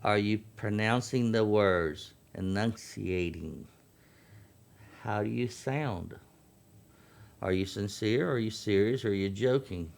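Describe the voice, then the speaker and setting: A man's voice: on the low side, takes it slowly, vocal fry. A man, a guest on a radio show, earnestly explaining contest rules and repeating key points. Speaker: veterans post youth program chairman.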